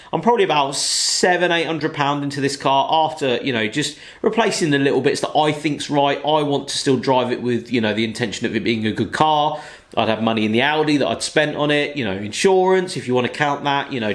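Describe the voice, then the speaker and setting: A man hosting a car channel, telling a story in a casual, rambling way full of "you know". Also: mid-range voice.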